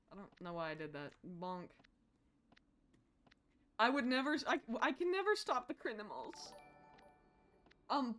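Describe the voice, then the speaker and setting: Excitable woman streaming a horror game. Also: fairly high pitch. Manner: excitable, shrieks and laughs at the game, chats with viewers.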